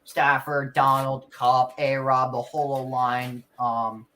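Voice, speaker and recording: A man's voice: medium pitch, flat delivery, takes it slowly, pushed and bright. A man hosting a casual sports podcast, ranting through sarcastic trash talk about a rival team. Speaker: podcast host.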